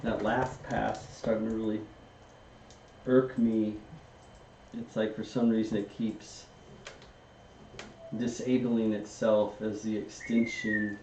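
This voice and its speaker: A man's voice: on the low side, level tone, takes it slowly, long pauses, a little mellow, slight background noise. A man in the background grumbling offhand about a computer problem. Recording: roomy, distant home recording.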